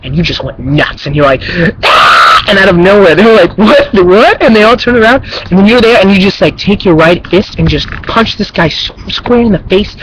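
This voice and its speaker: Rambling young man, slightly high voice. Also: fairly quick, few pauses, a little hiss or hum, poor audio. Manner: rambling, animated storytelling full of fillers and sound effects. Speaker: vlogger addressing his twin brother. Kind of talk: casual spoken message.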